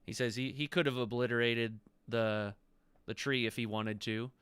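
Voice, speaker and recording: Bright, smooth-voiced man narrating a game. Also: medium pitch, dry recording. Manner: relaxed, descriptive narration with quick asides. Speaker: game master.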